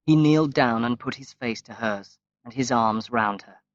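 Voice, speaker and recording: A man reading a graded-reader story aloud as audiobook narration, slow and measured with long pauses. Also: mid-range voice, no echo. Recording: dry, slightly dull lo-fi recording.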